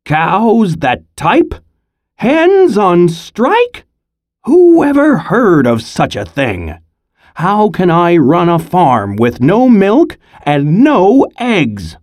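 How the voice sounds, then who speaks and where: A reader voicing an indignant, easily flustered farmer in a storybook read-aloud, with shrill, exasperated outbursts. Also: big pitch swings, extremely slow, long pauses, a little mellow, no echo, studio quality. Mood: outraged.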